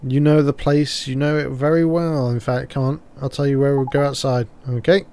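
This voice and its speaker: A man's voice: medium pitch, flat delivery, moderate pace, warm tone, clear, resonant tone, lightly acted. A man reading out the lines of a cheeky little fairy sidekick, talking in a folksy, chummy way full of tag questions. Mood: chatty.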